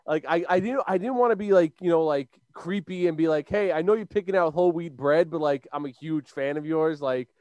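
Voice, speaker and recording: Speaking a little fast with hardly any pauses, this young man has a smooth, darkish voice on the high side, recorded without echo. He's a podcast co-host from Long Island, New York, rambling through a story on a casual chat show, restarting often and leaning on fillers.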